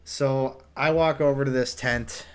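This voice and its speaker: A young man casually telling a story, animated and rambling, full of "like" fillers. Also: mid-range voice, measured pace, smooth. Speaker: vlogger.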